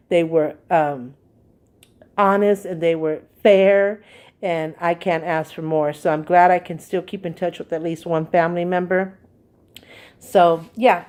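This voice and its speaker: A middle-aged woman from California, recording at home and telling a personal story in a chatty, confiding way, pausing often with fillers. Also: on the low side, darkish tone. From California, USA. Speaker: vlogger.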